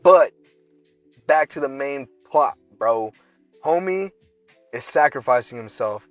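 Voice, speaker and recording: A young podcast co-host tells a long story during a casual chat, using slang and acting out characters in bursts. His mid-range voice is animated but slow, with no room sound and faint music in the background.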